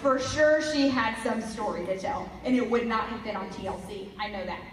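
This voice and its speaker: Woman preaching, tells it like a story, bit high voice, big echoey hall, sounds far from the mic. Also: moderate pace, a crowd in the background. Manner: chatty, jokey asides. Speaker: guest speaker. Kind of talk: storytelling sermon.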